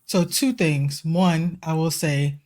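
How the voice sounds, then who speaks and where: A woman's voice: low voice, slow pace, darkish tone. A woman in her forties co-hosting a podcast, telling personal stories in a chatty way and acting out the voices of people she quotes. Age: 40s. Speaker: podcast co-host. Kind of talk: casual chat.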